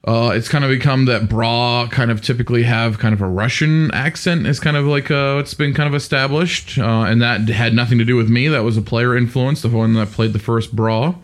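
A man's voice: medium pitch, brisk, hardly any pauses. A man who runs a tabletop game, explaining in a rambling, casual podcast chat. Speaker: game master.

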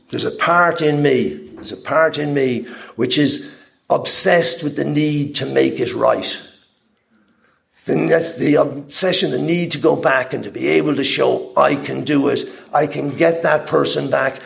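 A man's voice: medium pitch, gravelly. A man speaking at a recovery convention, giving a candid personal share that rambles, with frequent restarts and repeated words.

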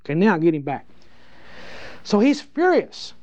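A man's voice: high-pitched, wildly swooping pitch, moderate pace, a little mellow, dry recording. Folksy preacher man, dry lo-fi sound. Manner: folksy, emphatic storytelling with frequent restarts. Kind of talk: sermon. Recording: dull lo-fi dry recording.

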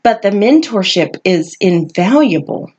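A woman hosts her own casual solo podcast in a medium-pitched, lively, unhurried voice that's a little mellow and slightly rough, recorded with lo-fi sound. She sounds tired and groggy, talking frankly and chattily with frequent light laughs.

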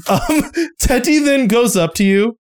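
A woman's voice: a little high, lively intonation, a little slow, darkish tone. A woman running a tabletop game as game master, narrating with frequent laughter. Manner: laughs often while narrating.

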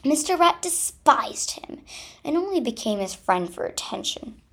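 Slow, expressive woman reading a story. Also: sits high. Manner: expressive, dramatic, unhurried. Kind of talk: read-aloud children's story.

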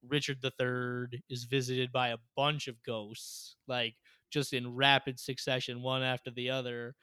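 A man co-hosting a casual chat, retelling scenes in an animated way with lots of filler words. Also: mid-range voice, smooth, no echo, clean studio sound. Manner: animated storytelling, frequent "like" fillers.

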